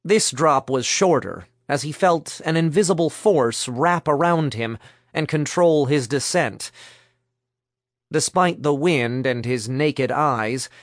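A man narrating a story in a measured, steady storytelling voice. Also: fairly high pitch, dry recording, clean studio sound. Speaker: audiobook narrator. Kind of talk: scripted narration.

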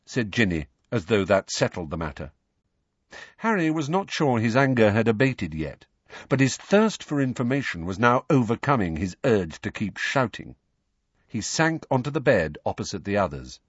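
Man narrating an audiobook, husky. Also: animated, no room sound, dull audio. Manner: low, measured narration between voiced dialogue. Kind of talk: scripted narration.

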